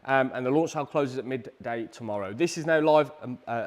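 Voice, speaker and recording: A British man hosting a live prize draw stream, chatty and energetic, with a salesy push and frequent ums. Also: mid-range voice, quick pace, few pauses. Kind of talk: upbeat live-stream announcements.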